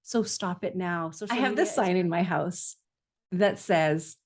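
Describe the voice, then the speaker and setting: A woman's voice: on the low side, normal speed. A woman parenting coach talking straight to parents, earnest and confiding, often repeating a phrase for emphasis. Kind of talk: heartfelt solo talk to parents.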